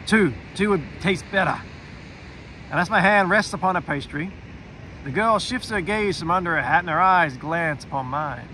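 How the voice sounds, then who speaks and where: Bright-voiced man narrating a fantasy audiobook. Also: high voice, moderate pace, a little hiss or hum, poor audio. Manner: expressive storytelling, drops to a quiet aside for inner thoughts.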